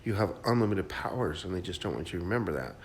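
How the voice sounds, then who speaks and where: A man giving a casual, rambling spiritual talk, sometimes dropping to a hush as he guides listeners. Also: low voice, lively intonation, fast talker. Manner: rambling, restarts, soft guided hushing at times. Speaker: spiritual channel host. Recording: faint background noise.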